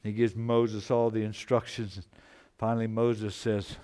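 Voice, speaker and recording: A man preaching a sermon, slow and emphatic, repeating key phrases and swinging from loud exclamations to hushed, low lines. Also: little pitch movement, clean tone. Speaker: pastor.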